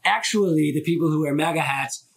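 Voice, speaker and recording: A little fast and a little high, this man's voice is gravelly and slightly rough as he rambles on his phone live stream. He's casual and opinionated, scattering filler words and curses throughout.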